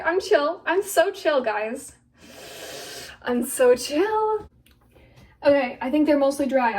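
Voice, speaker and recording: A woman's voice: high voice, a little mellow, distant mic. A 17-year-old girl vlogging as she cuts her own hair, talking in a chatty, flustered, self-mocking way full of "like". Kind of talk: casual chat while cutting her own hair. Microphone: phone camera.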